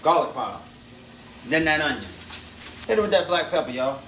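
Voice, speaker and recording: A man putting on a loud, cheerful Louisiana cook with a Creole-style accent, rattling off cooking steps in fast, hyped patter. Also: fairly high pitch, sing-song, echoey room, slight background noise, voice pushed up.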